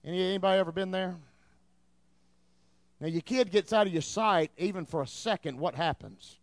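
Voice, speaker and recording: A man in his thirties preaching a sermon in church, telling a story in an animated way and repeating words as he gets excited. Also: high-pitched, moderate pace, no room sound. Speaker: pastor.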